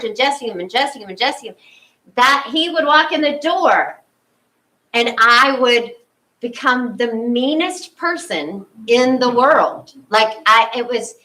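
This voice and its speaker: A woman's voice: fairly high pitch, sharp tone. A woman, a spiritual leader, giving a conversational sermon and acting out her own inner thoughts, heard from a distance.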